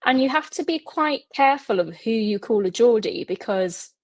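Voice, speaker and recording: A woman's voice: on the high side, animated, moderate pace. A woman guest on a podcast interview, talking in a friendly, casual way, laughing easily with hesitant fillers.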